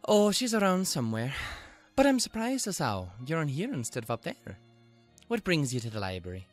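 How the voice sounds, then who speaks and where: A man voicing a refined, soft-spoken young woman in a put-on Scottish accent. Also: on the high side, huge pitch swings, brisk, faint music behind, voice pushed up. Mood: gentle.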